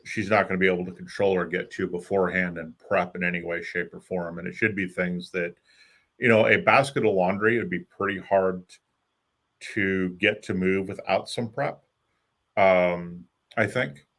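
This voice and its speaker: Deep gravelly skeptical co-host. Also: male voice, steady tone, a bit bright. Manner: halting, skeptical questioning. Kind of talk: casual call-in talk.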